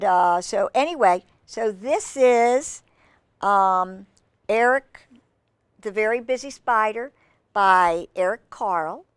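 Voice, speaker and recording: A woman's voice: fairly high pitch, clean tone, dry recording. A woman reading a picture book aloud to children, with chatty asides to her young listeners and playful animal sounds. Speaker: children's storyteller.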